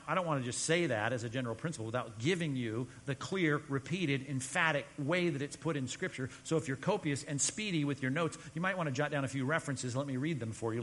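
A man preaching a sermon as pastor, conversational and emphatic, often dropping suddenly to a quiet, low voice. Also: slightly rough, big-room sound.

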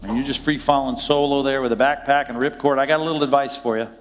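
A man's voice: medium pitch, fairly even intonation, fast, soft background music. A male pastor preaching a conversational sermon, often acting out quoted dialogue in other voices.

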